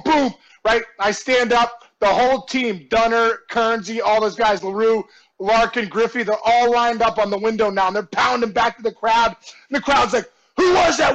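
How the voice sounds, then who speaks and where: Being interviewed, this former baseball player tells an animated story in a very high-pitched voice, and the audio quality is poor. He shouts out the punchlines, performs other people's voices and laughs a lot, coming across as warm and effusive in the casual conversation.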